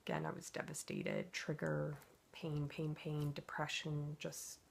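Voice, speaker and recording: A woman's voice: deep voice, little pitch movement, unhurried, gravelly, slight background noise. A woman telling her own emotional story in a confessional vlog, acting out her inner thoughts as she goes. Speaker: twin flame coach.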